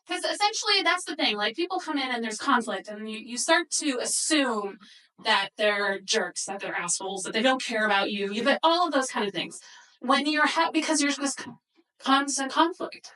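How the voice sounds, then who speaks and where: A woman's voice: on the high side, expressive, normal speed, sharp tone, far from the mic, low-quality recording. A woman presenting a workshop to a live audience, telling a story and acting out the quoted dialogue. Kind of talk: workshop talk with slides.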